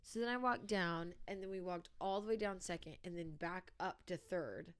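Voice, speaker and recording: A woman's voice: fairly low pitch, moderate pace, no echo. A tired young woman co-hosting a podcast, telling a long rambling story in casual chat with lots of "like"s. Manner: rambling, run-on storytelling with many "like"s. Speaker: podcast co-host.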